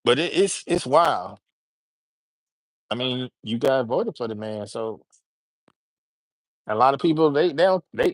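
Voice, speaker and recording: A man's voice: fairly high pitch, no echo. A man hosting a casual livestream, rambling loosely and talking straight to his chat. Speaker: livestream host.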